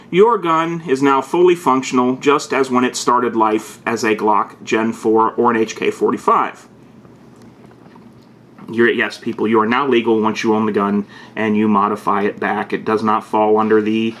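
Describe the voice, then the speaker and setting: A man vlogging, reading a text aloud in a stiff, emphatic voice and breaking off to comment in quick, casual asides. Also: mid-range voice, a bit bright. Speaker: gun video host.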